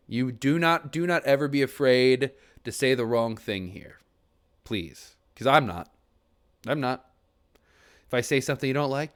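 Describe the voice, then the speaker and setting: A man's voice: medium pitch, unhurried, long pauses. Earnest rambling young man streaming. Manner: earnest, rambling, with restarts and swearing. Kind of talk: reflective casual talk to a stream chat. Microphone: desk mic at a computer.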